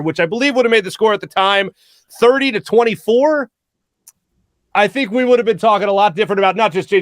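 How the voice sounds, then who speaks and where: A man with a high voice hosts a postgame sports talk show. He talks in long, animated runs and keeps restarting his sentences. The sound is dry and close, with no room in it. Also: dry recording. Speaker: host.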